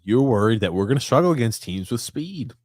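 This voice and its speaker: Male host, quick, low, dry close sound, relaxed call-in banter. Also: no echo. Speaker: podcast host. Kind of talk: casual sports call-in chat.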